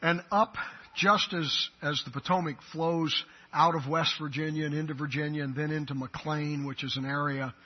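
A man preaching a sermon, moving from quiet talk to loud, slow, emphatic lines. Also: a little high, steady tone. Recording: dull lo-fi sermon recording.

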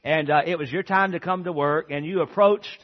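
A man's voice: on the high side, steady tone, brisk. A man preaching a sermon, asking the congregation questions and answering them himself. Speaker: pastor. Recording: dull lo-fi audio.

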